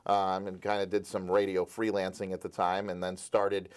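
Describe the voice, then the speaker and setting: A man's voice: sits low, monotone, moderate pace, smooth. A man in his forties from Rhode Island, a radio station owner, telling his story eagerly in a casual interview with many restarts.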